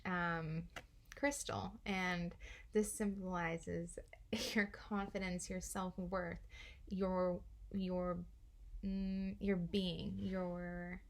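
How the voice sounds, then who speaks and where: A young woman giving a gentle, meandering spiritual card reading, laughing softly now and then. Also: fairly low pitch, level tone, extremely slow. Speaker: oracle card reader.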